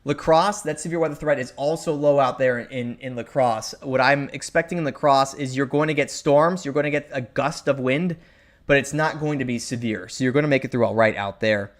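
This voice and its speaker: A man's voice: medium pitch, brisk. A young American man hosting a live weather stream, talking in a loose, chatty way with many fillers as he calls out towns. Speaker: meteorologist livestream host.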